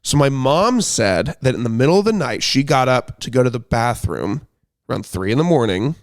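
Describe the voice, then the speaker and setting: Casting: young male podcast host, relaxed and rambling, easy laugher, conversational. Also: medium pitch, normal speed. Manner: laid-back, rambling storyteller who laughs easily. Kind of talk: casual chat.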